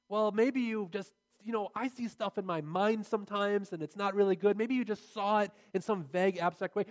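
A man's voice: high-pitched, a little fast, hardly any pauses. A man preaching a sermon, earnest and building to emphatic, repeated phrases as he drives his points home.

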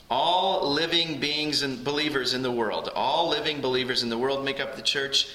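Pastor guy preaching, super bright edgy voice, echoey church room. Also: medium pitch. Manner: earnest, rising emphasis on key phrases. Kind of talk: sermon. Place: church sanctuary.

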